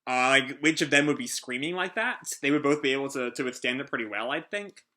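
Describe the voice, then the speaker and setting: A man's voice: mid-range voice, a little fast, pushed and bright. A man who hosts a casual comic reaction, talking in a rambling, hesitant way with many fillers. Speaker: host.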